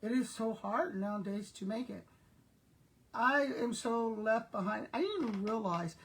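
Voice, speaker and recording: An older woman from South Texas, retired from being a school principal, talks straight to her viewers about everyday happenings. Her fairly high voice is expressive, and she speaks at normal speed in a casual way.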